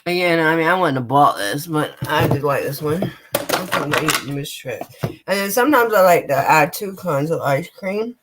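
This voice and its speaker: A woman's voice: low-pitched, expressive, normal speed, a bit bright, slight background noise. An American woman chatting casually on a live stream, swearing freely and talking straight to her viewers. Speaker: vlogger.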